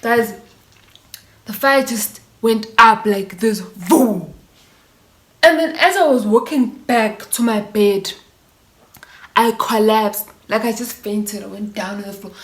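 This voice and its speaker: Young South African woman vlogger, casual storytime delivery with Zulu slang mixed in, a touch high-pitched, roomy echo. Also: measured pace. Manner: animated storytelling with Zulu slang and mimicked voices. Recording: echoey room.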